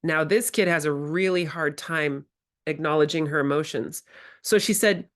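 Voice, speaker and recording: A woman's voice: low voice, moderate pace. A woman presenting a workshop to educators, talking in a reflective, candid way and acting out her own quoted words. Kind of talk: teaching workshop talk.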